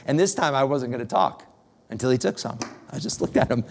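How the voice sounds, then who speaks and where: A middle-aged man preaching a sermon as a pastor, telling a family story with gentle humor and lively rises and falls. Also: mid-range voice, quick pace. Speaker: pastor becoming missionary.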